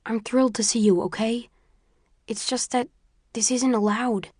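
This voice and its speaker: A woman voicing a gentle, anxious young man in a read-aloud story, speaking softly and low. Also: fairly even intonation, a little slow, no room sound, studio quality. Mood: hushed. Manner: soft, hushed.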